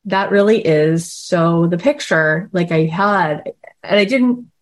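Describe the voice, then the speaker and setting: A woman hosting a podcast, telling a casual story in a chatty, animated way and acting out the other people in it. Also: fairly low pitch, slow. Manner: chatty, animated, acts out quoted voices. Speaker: podcast host.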